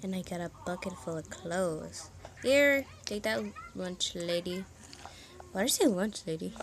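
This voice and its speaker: With a lowish, slightly slow voice, a woman rambles moodily and self-deprecatingly in a casual vlog shot on her phone in her bedroom, sometimes half whispering. Background noise is noticeable.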